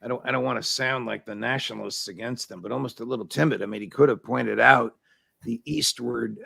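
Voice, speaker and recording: A man's voice: mid-range voice, gravelly, bright, forceful tone, dry recording, clean studio sound. A man hosting an interview show, directing the talk and laying out his questions point by point. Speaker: show host.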